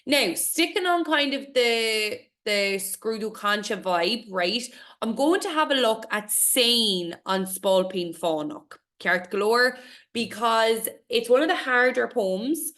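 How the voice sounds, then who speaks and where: A young Irish woman teaching a class and reading a poem aloud slowly and clearly. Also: a little high, lively intonation, a bit bright. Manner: encouraging, reassuring, models pronunciation slowly.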